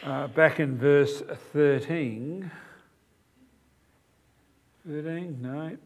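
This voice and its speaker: A man's voice: fairly high pitch, drawn-out words. A man preaching a sermon, explaining a passage with emphatic, repeated phrases.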